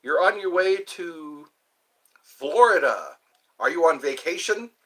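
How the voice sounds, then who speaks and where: Husky older man chatting slowly on stream. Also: fairly high pitch, animated, fairly bright tone, rough recording. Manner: rambling, playful, sounds out names slowly. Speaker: live stream host chatting with viewers. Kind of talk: casual live stream chat.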